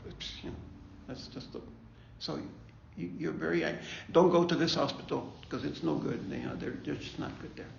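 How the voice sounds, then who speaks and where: Guy with a gravelly voice, bit higher pitched, talking grief to a church group, echoey dull recording. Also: fairly even intonation, moderate pace, few pauses, slight background noise. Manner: conversational, repeats himself, asks "okay?". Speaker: grief ministry leader. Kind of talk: faith-based bereavement talk. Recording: echoey room, dull lo-fi sound.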